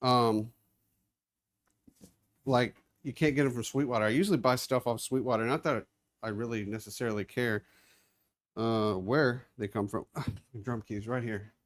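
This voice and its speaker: A man hosts a casual live stream, chatting and narrating his hands-on tasks as he moves around a carpeted indoor room. His voice is mid-range and steady, at a normal speed with frequent pauses.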